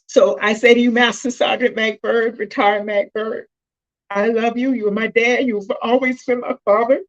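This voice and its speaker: A woman's voice: on the high side, fairly even intonation, normal speed, muffled recording. A middle-aged woman hosting a live stream on her phone, speaking with emotion and choking up at times as she addresses her viewers directly. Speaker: host of a self-help live stream. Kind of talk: heartfelt live-stream talk.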